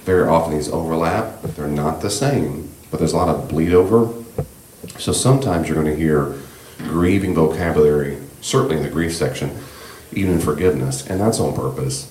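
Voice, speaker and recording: A man leading a church class on grief, speaking in a gentle, reassuring, conversational way with many fillers. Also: a bass voice, a little fast, reverberant, a little hiss or hum. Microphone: room microphone.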